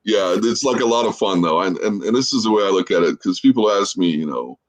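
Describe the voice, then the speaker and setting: A man's voice: on the low side, expressive, a little fast. A man in his forties from Florida, chatting as a podcast guest in an easygoing, rambling storytelling way with plenty of fillers. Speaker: guest, social media creator. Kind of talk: casual podcast chat, storytelling.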